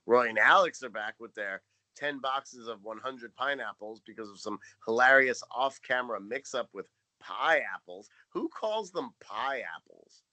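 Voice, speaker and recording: A man co-hosting a casual podcast, recapping episodes with wry, deadpan humor. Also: mid-range voice, moderate pace, no room sound. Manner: dry, wry storytelling, deadpan jokes. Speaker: podcast co-host.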